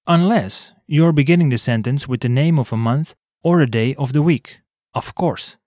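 A man co-hosting a scripted language lesson, explaining clearly and spelling words out letter by letter. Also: mid-range voice, moderate pace, a little mellow, dry recording, studio quality.

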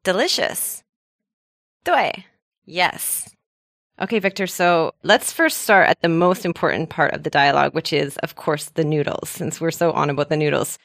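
A cheerful woman with a low-pitched voice leads a podcast language lesson. She explains step by step and prompts her co-host with a laugh. The sound is close and dry. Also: steady tone, a little fast, vocal fry, hardly any pauses, a bit bright, no echo.

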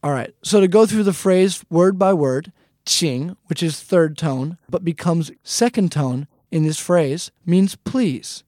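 A man leads a recorded, scripted language lesson, patiently explaining phrases and breaking them down step by step into a close microphone. His voice is fairly high in pitch, slow and dark in tone, with no echo.

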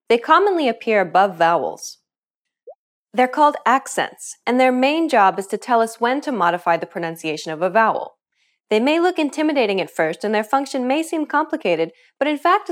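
An upbeat woman narrates a scripted lesson, explaining each point clearly and checking in with questions. Her voice sits a little high and moves with lively, wide swings of pitch. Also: normal speed. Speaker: language teacher.

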